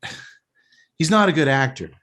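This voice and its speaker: A man's voice: a little high, lively intonation, measured pace, a bit bright. A man hosting a casual podcast chat, rambling and opinionated with frequent restarts. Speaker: podcast host.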